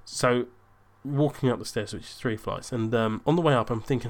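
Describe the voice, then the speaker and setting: A young man with a mid-range voice tells a casual anecdote at a moderate pace, barely pausing at all. He drifts and corrects himself along the way, turning lively in the quoted parts of his own speech.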